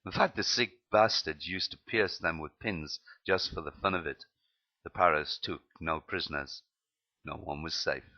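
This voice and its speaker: A man's voice: very deep voice, moderate pace, lo-fi sound. A man reading his memoir aloud, plainly and with some slips and restarts. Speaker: narrator.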